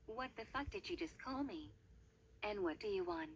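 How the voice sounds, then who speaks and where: A woman's voice: medium pitch, lively intonation, moderate pace, muffled recording, a little hiss or hum, close to an everyday voice. A text-to-speech woman voice playing Julie, an irritable, foul-mouthed female alert reader who swears a lot. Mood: irritated.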